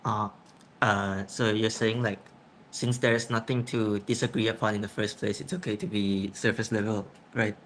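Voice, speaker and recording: A man's voice: fairly low pitch, little pitch movement, normal speed, fairly bright tone, slight background noise, poor audio. A young man in a casual student discussion. He thinks aloud and checks in with others by asking "right?". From Thailand. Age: young adult.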